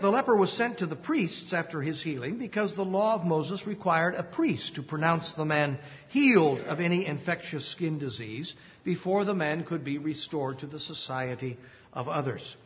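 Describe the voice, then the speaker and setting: A man preaching an expository Bible teaching, measured and explanatory, with occasional filler pauses. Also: on the high side. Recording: long reverb, dull lo-fi sound.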